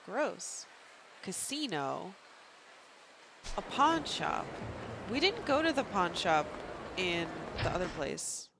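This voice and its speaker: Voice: mid-range voice, sing-song, takes it slowly, pauses often, background noise. A game streamer giving casual, self-mocking commentary and reading menus aloud while playing. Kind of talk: casual let's-play commentary.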